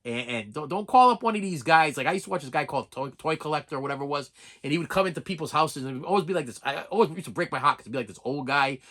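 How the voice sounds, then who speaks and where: A man's voice: fairly high pitch, lively intonation, rapid-fire, hardly any pauses, fairly bright tone. A middle-aged man ranting heatedly on his vlog, rambling and stammering through restarts. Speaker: collector vlogger. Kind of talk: emotional unscripted rant.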